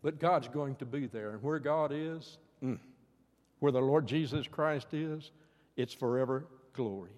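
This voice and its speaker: A man's voice: medium pitch, measured pace. Older guy preaching, earnest, rises and falls, long echo like a big church hall. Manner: earnest, rising to fervent pleas then dropping soft. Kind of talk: sermon.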